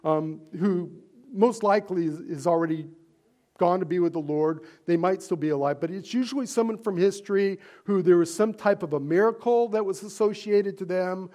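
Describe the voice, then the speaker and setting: A male pastor delivering a sermon in a notably high voice. He preaches in an earnest, conversational way, pausing on fillers and tossing rhetorical questions to the congregation. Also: warm tone.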